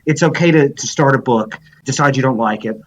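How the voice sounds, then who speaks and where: A man's voice: medium pitch, brisk, slight background noise. A man in casual podcast chat who talks in circles, hesitant and full of restarts. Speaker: podcast guest writer.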